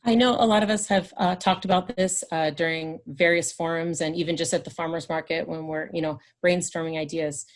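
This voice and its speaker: A woman's voice: sits low, steady tone, brisk, few pauses. A woman running for city council, answering on a video call in a hesitant way full of fillers. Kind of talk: candidate forum answer.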